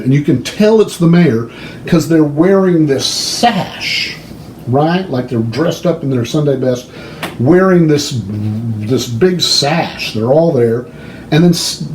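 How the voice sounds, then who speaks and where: Animated man spinning a long road story. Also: a little high, reverberant, slight background noise, rough recording. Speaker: host telling a story. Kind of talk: casual storytelling.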